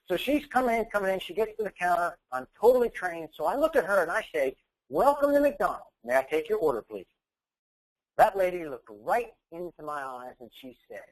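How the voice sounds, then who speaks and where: A man with a slightly high voice gives an animated keynote talk. He tells a story with punchy repetition and then drives home his point for an audience of educators. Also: poor audio. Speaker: motivational speaker.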